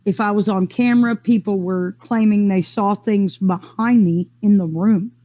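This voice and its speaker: A woman telling her own story in a casual, rambling way, with quick bursts, fillers and restarts. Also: mid-range voice, fairly even intonation, highs cut off. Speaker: interviewee sharing a personal experience. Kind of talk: casual first-person storytelling.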